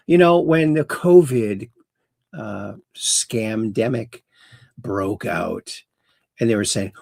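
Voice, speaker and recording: A man's voice: mid-range voice, lively intonation, slow, gravelly, darkish tone, no echo, studio quality. A man hosting a casual call-in livestream, chatty and rambling as he reads viewer messages aloud. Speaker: host.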